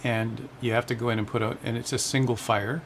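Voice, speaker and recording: A man's voice: mid-range voice, level tone, a little fast, a little hiss or hum. A man hosting a group flight-sim stream, chatting casually, laughing often and explaining things at length. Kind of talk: casual gaming chat.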